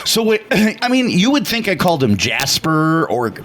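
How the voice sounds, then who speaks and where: A man from Chicago co-hosting talk radio, fairly high-voiced and never quiet. He tells stories loudly and with plenty of passion, putting on voices for everyone in them. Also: moderate pace. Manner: loud and animated; passionate, retells dialogue with acted voices. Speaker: radio co-host. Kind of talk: casual radio storytelling.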